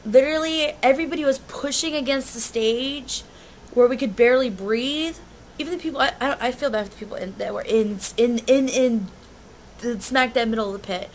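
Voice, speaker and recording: A young woman vents about a concert in a casual vlog, her voice a little high as she rambles, restarts and swears. Her recording is a home mic with a faint hiss of noise behind her. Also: fairly quick. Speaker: concert fan recounting an experience.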